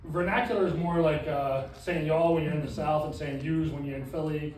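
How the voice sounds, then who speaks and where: A high-pitched man leads a training class, animated and quick to quiz the people in front of him. He is caught from across an echoey room, with a faint hum of room sound behind him. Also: far from the mic. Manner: animated, asks the room questions. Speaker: sales trainer.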